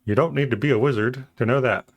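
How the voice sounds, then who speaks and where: A man's voice: medium pitch, fast talker, highs cut off. A man livestreaming from home, chatting casually and playfully with his viewers and greeting them as they come in.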